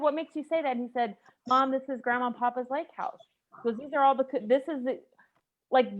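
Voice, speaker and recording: A woman in her forties from the United States, telling a personal story in a casual group chat, animated and emotional. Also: a little high, lo-fi sound. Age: 40s.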